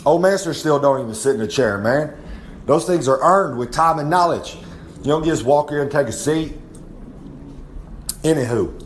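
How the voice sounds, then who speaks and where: A recurring segment guest with a fairly high-pitched voice speaks at normal speed, pausing often during a rambling in-character wrestling promo. He boasts, refers to himself in the third person, and drawls through frequent asides. Slight background noise can be heard.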